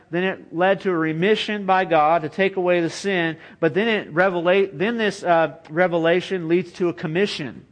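High-voiced earnest male preacher. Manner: conversational, earnest preaching with many "you know" fillers. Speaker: pastor. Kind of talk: sermon.

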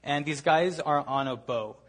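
A young man giving a casual storytelling talk to a gathering, relaxed and chatty, leaning on filler words. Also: fairly high pitch, measured pace. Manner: relaxed, chatty, leans on "like" and "ended up". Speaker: speaker at a gathering.

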